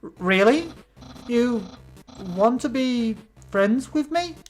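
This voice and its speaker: A boastful skeleton knight-hopeful holds forth in grand, pompous tones, as a British gamer puts him on over a let's play. The lines come slowly and carefully, with faint game music playing underneath. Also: mid-range voice, expressive. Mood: flustered. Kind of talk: reading game dialogue aloud.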